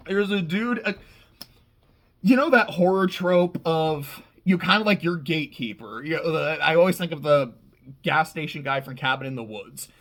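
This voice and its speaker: Casual male film reviewer, higher-pitched voice, loose and excitable delivery with frequent laughter. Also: normal speed. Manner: rambling, excitable, laughs often, swears. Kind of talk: casual unscripted movie talk.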